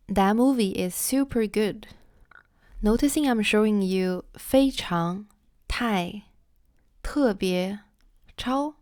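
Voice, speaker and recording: A woman teaching Chinese in a scripted lesson, repeating each example phrase slowly and carefully for learners. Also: mid-range voice, a little mellow, dry recording, clean studio sound.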